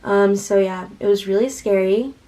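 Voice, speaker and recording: A woman's voice: mid-range voice, moderate pace, warm tone, poor audio. A young woman in her late teens casually telling a personal story to her vlog audience, full of "like" and quoted back-and-forth dialogue. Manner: chatty, heavy use of "like", retelling with quoted dialogue. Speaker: vlogger.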